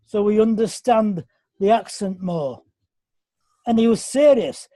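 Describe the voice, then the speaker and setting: A man's voice: sits high, measured pace, mellow, no echo. An English man rambling and apologising during a casual group video call. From England. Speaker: meeting participant.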